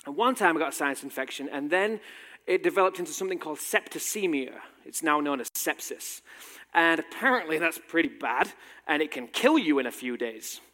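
A man in his thirties with a British accent touched by American sounds tells a personal story to an audience with dry, self-mocking humor. His voice sits a little high for a man. A long reverb from a large hall trails behind every phrase. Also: lively intonation, brisk, bright, forceful tone. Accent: British with a slight American tinge. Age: 30s. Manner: wry, self-deprecating humor. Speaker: speaker giving a talk.

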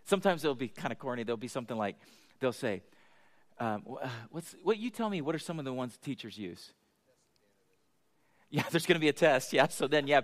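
A middle-aged man preaching a conversational sermon, chatty and self-deprecating, often asking the congregation questions. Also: mid-range voice. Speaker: pastor.

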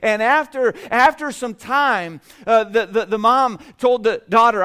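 A man tells a story from the pulpit, circling back on his words with restarts and repetition. His voice sits high and comes through clear and resonant. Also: bright, forceful tone. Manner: repetitive, halting retelling with many restarts. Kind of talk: sermon storytelling.

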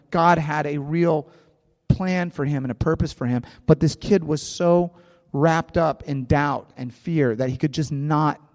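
Animated man preaching in a reverberant hall. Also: on the high side. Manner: animated, repeats words, acts out scripture with a volunteer. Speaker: pastor. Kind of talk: sermon.

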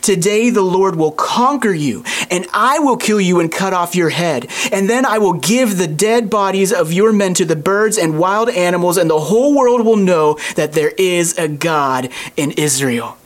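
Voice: mid-range voice, expressive, normal speed, hardly any pauses, natural voice. An earnest young shepherd, voiced by a preacher retelling a story. He speaks plainly, confident but humble. The voice stays close to the preacher's own. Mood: defiant.

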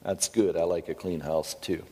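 Deep-voiced, middle-aged male seminar teacher; emphatic and earnest, with a long hall echo. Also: steady tone, normal speed, a little mellow, slightly rough. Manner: emphatic, earnest, with self-deprecating asides. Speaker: seminar speaker and counselor.

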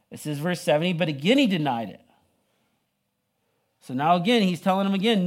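A man's voice: high-pitched, expressive, a little fast, pauses often. A young man preaching a sermon, retelling the story in a casual, conversational way full of "like" and "you know". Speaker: pastor.

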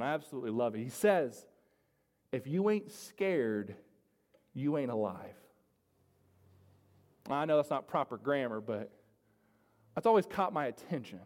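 A man's voice: medium pitch, expressive, fairly quick, darkish tone. A male pastor preaching an earnest sermon, often repeating phrases and speaking straight to the congregation in a church. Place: church sanctuary. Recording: long reverb of a large hall.

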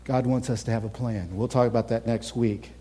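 A man preaching a sermon as a pastor, animated, swinging between loud mocking impressions and quiet earnest asides. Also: mid-range voice, brisk, breathy edge.

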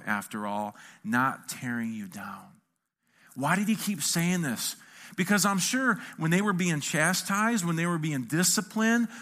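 A male pastor delivers a sermon in a church with a high, light voice. His preaching is conversational yet emphatic, swinging between punchy declarations and quieter asides. He acts out quoted lines as he goes.

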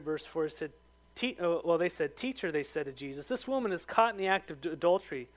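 A man pastor preaching a conversational sermon, raising his voice for emphasis and dropping it low for quiet asides. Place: church.

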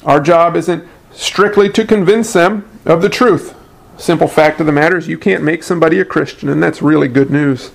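Gravelly-voiced man preaching a sermon. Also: a little high, moderate pace. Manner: conversational preaching, addresses listeners as folks. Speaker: pastor.

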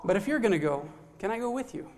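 A man voicing a gigantic male dog in a told folktale, gruff at first and then earnest. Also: high voice, sing-song, quick pace, darkish tone, voice pushed up. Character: ferocious gigantic male dog, turns friendly. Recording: long hall reverb.

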